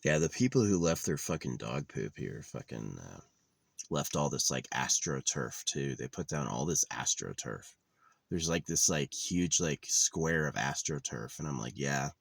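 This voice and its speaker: A young man with a very deep voice rambles through a cynical, profane monologue. He swears freely and jumps from one grievance to the next. It's a vlog recorded outdoors, with a dry sound and no room echo. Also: animated, measured pace, creaky. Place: outdoors in a wooded area.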